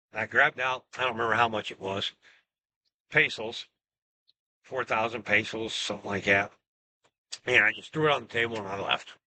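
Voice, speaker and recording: A man's voice: medium pitch, no echo. A man telling a personal story in a casual, rambling monologue, full of restarts and asides. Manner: rambling, animated retelling with restarts. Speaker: self-styled religious teacher.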